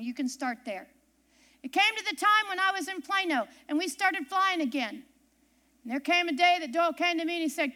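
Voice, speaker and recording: A woman's voice: high-pitched, moderate pace, fairly bright tone. A woman preaching a sermon, emphatic and repeating her key phrases for weight.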